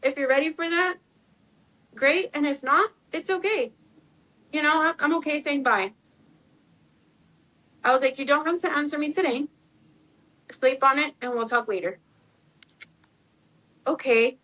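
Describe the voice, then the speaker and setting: A woman's voice: sits high, measured pace, long pauses, bright, forceful tone, rough recording. Chatty young woman telling her story. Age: 20s. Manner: chatty, acts out quoted dialogue, many "like" fillers. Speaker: interview guest. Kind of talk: candid personal storytelling.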